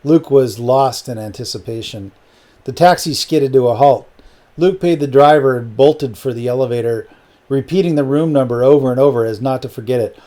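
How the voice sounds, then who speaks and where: Mellow-voiced male audiobook narrator. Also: mid-range voice, normal speed. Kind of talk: scripted narration.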